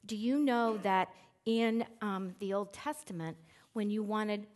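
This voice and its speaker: A woman's voice: mid-range voice, a little slow. Woman, middle-aged, preacher, conversational sermon, church, plays with emphasis. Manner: conversational and animated, acts out quotes with shifting emphasis. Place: church sanctuary with screens.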